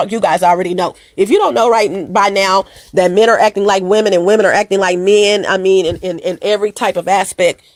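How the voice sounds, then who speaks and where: Woman vlogger, hoarse, loose and repetitive, keeps calling out to her viewers. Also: medium pitch. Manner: rambling and repetitive, addresses viewers as "you guys". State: hoarse from allergies and a cold. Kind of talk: casual chat to camera. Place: at home.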